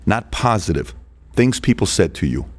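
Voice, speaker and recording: A man appearing as a podcast guest, telling animated stories and acting out quoted dialogue with emphasis. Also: lowish voice, moderate pace. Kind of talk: animated storytelling.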